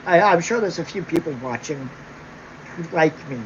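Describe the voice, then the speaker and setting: A woman's voice: lowish voice, expressive, normal speed. Woman, livestream rant, sarcastic, angry, swears a lot, dull lo-fi audio, faint hiss. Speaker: livestream host.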